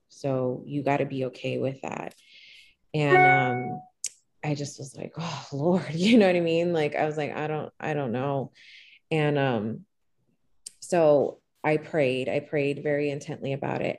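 A middle-aged woman, a guest telling a personal story in conversation, calm and even-keeled, with frequent fillers and restarts. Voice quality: gravelly low voice.

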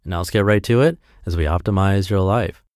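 Upbeat low-voiced male podcast narrator. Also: a little fast, darkish tone, slight background noise. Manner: upbeat, emphatic reading with acted dialogue. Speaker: podcast narrator reading blog posts. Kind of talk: scripted narration of a self-help blog.

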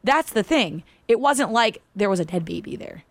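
Animated woman telling a story. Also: mid-range voice, normal speed, no room sound. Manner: animated, acts out quoted voices. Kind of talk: casual storytelling chat.

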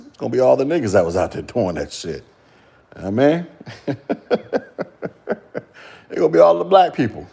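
A man's voice: medium pitch, warm tone, husky. A man hosting a solo podcast rant, mocking and profane, laughing and firing rhetorical questions. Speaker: podcast host.

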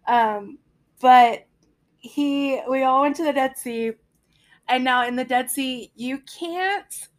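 Slow, chatty young woman telling a story. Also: a little high. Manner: chatty and rambling, laughs often at her own story. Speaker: speaker sharing a personal faith story. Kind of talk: casual storytelling monologue.

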